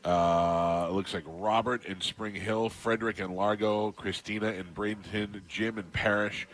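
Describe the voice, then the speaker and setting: A man's voice: lowish voice, steady tone, a little slow, a bit bright. A man hosting a radio talk show, chatting loosely in a rambling way and often restarting his sentences. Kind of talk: casual radio talk during a charity radiothon.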